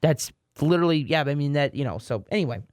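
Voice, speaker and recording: A man's voice: fairly high pitch, lively intonation, fast talker, a little mellow, no echo. Rambling male sports podcaster, dry sound. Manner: rambling, repeats words, self-mocking asides. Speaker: podcast co-host. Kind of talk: casual sports chat.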